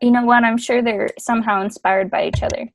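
A woman's voice: a little high, fairly even intonation, fairly quick, vocal fry, slight background noise, poor audio. A woman on a video call who reads a story aloud with friends, giggling, self-conscious and stumbling over lines. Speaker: reader in a group fanfic reading. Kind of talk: casual chat and reading aloud.

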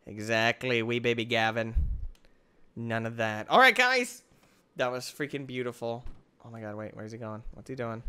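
A young gaming video host plays through a game and trash-talks his friend, his middle-pitched voice swinging from mutters to yelps. The commentary is casual, excitable and packed with mock-drama, delivered at a moderate pace in a clean tone.

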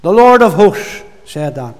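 High-voiced preacher in a hall. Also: male voice, big pitch swings, a little slow. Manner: warm emphatic preaching, rising to fervent exclamations and dropping to soft endings. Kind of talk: sermon. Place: gospel hall. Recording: long hall reverb.

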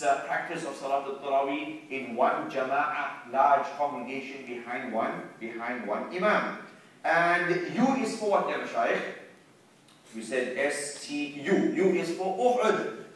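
A man, an Islamic teacher, giving a lively classroom lecture, often questioning his students and calling out key lines. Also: fairly high pitch. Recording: echoey room, distant mic.

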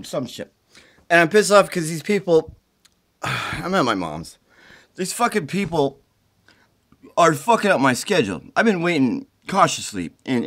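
Congested, tired, and down with the flu, a man films a rambling plea to camera indoors at his mother's place, swearing and agitated as he begs. He has a slightly high voice with a fairly bright tone.

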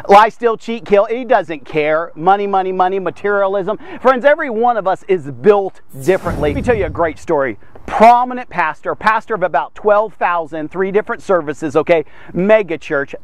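A man's voice: high voice, no room sound. A man preaching a devotional sermon to men, emphatic and direct, often checking in with "okay?". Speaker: pastor.

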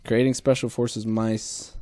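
A man's voice: fairly low pitch, flat delivery, measured pace, dark tone, no echo. A man hosting an improv comedy podcast, talking in loose rambling bursts with frequent restarts. The studio sound is close and dry. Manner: rambling with restarts, laughs often. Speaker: podcast host. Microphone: studio microphone.

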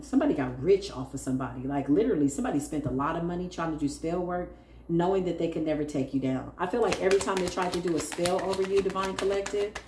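Sassy tarot lady with a lowish voice, blunt, echoey room w faint hiss. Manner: sassy, blunt, laughing, calls listeners "child". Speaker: tarot reader. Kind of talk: casual tarot reading to viewers.

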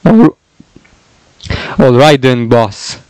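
A man's voice: mid-range voice, big pitch swings, drawn-out words, darkish tone, clear, resonant tone, no room sound, voice pushed down, poor audio. A man voicing a dim-witted male zombie thief henchman, subservient and mumbling, read from a fan script. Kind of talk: reading fan dialogue aloud.

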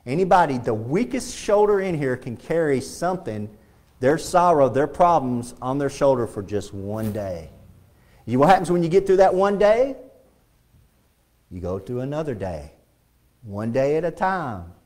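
A pastor preaching a sermon in a church, swinging between loud and hushed delivery and often repeating phrases. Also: male voice, mid-range voice, big pitch swings, normal speed. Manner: repeats phrases and restarts lines. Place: church sanctuary.

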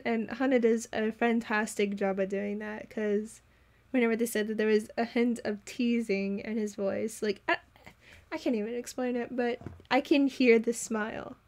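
A woman's voice: fairly high pitch, fairly even intonation, measured pace. A woman hosting a reaction video, chatting casually with giggly, enthusiastic commentary. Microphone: home recording setup.

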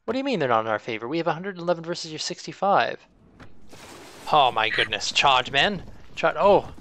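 A young man hosting a co-op game session, reacting excitably to the action and chatting casually. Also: a little high, fairly quick, a little hiss or hum. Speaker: gaming channel host. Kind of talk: casual gaming commentary.

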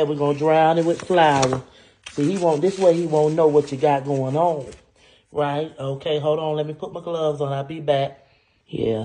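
A man's voice: fairly high pitch, dark tone, close to an everyday voice. A man playing a scorned, vengeful wife who talks sassily to viewers in a comedy cooking skit. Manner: sassy, talks straight to viewers with "y'all" and "honey".

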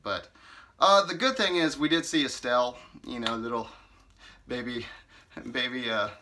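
A man's voice: medium pitch, moderate pace, pushed and bright, a little hiss or hum. A man giving a casual spoken review in a chatty, rambling way, filling his talk with "like" and "you know" and sounding playfully exasperated. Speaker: book reviewer. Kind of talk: casual vlog commentary.

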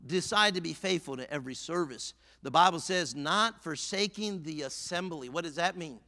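A man's voice: on the high side, moderate pace, pushed and bright, big-room sound. A man preaching a fervent sermon as pastor in a church, now and then acting out the imagined voices of his listeners. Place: church sanctuary.

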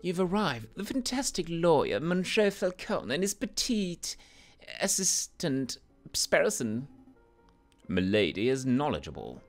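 A man's voice: fairly high pitch, wildly swooping pitch, a little slow, soft background music, pitched above the performer's own voice, exaggerated voice. Man voicing a haughty young noblewoman for a game playthrough, lilting and formal. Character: prim young noblewoman in prison, aloof and polite.

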